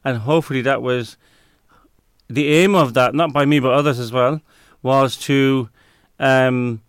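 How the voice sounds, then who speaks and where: A man speaking as a guest on a talk show, his voice smooth and clean and close to the mic with no room sound. He pauses to hunt for words and often restarts his sentences. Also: mid-range voice, steady tone, no echo. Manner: searches for words, frequent fillers and restarts. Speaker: interview guest. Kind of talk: conversational interview answer.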